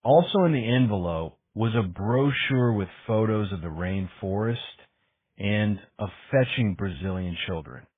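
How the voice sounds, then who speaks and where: A man reading a novel aloud as audiobook narrator, in an even, descriptive way. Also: on the low side, unhurried, breathy edge, no room sound. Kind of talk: scripted narration. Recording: tinny phone-like sound.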